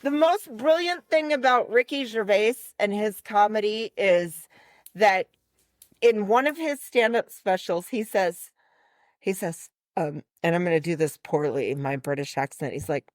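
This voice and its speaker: A woman on a casual podcast, chatting with friends and telling a story with lively energy. She acts out both sides of each exchange as she goes. Her voice sits at a medium pitch and is recorded close and dry, with no room sound. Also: a little slow, no echo. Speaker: podcast co-host.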